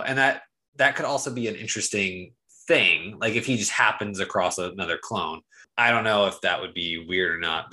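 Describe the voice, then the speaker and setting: Lower-voiced man rambling with bright edge. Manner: rambling, hedging with fillers. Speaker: podcast co-host. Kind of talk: casual podcast chat.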